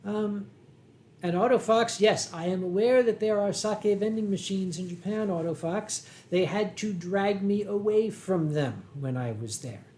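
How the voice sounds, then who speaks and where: A man with a Philadelphia accent hosting a casual livestream from home, reading viewer comments in a dry, wry way and often clearing his throat. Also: high-pitched, unhurried, warm tone, slight background noise. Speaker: livestream host. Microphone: desk microphone.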